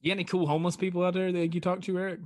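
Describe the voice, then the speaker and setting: A young man with a fairly high voice jokes and tells stories on a podcast, laughing and swearing as he goes. The recording is dry and close, with no room sound. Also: level tone, racing, no echo. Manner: joking, laughing, storytelling, swearing. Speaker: podcast co-host. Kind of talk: casual profane chat.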